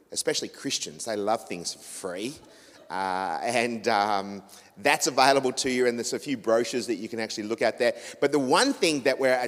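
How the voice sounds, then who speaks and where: A man with an Australian accent, a radio host giving a chatty, rambling talk to a church audience with many fillers and restarts. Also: mid-range voice. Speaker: radio host and guest speaker. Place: church hall. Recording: reverberant church hall.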